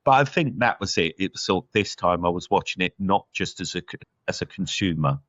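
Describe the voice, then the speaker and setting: Animated and a little fast, a man whose voice sits low and fairly bright co-hosts a casual film review podcast, musing aloud with lots of fillers. The recording is dry and muffled.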